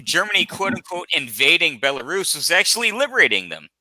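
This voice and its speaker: Male host, mocking debater, very bright sharp voice, dry close sound. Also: fairly high pitch, very animated, fast, dry recording. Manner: mocking, profane, talks over others. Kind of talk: heated online argument.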